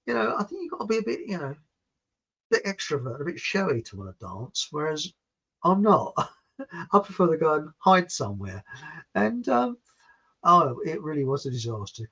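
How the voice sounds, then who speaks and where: A man's voice: sits high, fairly bright tone. A man hosting an online show, telling rambling self-mocking stories and laughing as he goes. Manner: chuckling, self-mocking storyteller. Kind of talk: rambling anecdotal chat. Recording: dull lo-fi sound.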